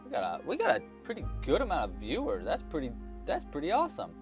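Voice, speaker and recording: A man's voice: fairly high pitch, huge pitch swings, fast, faint music behind. A man hosting a casual crochet livestream, chatting loosely with many fillers and restarts and counting stitches aloud under his breath.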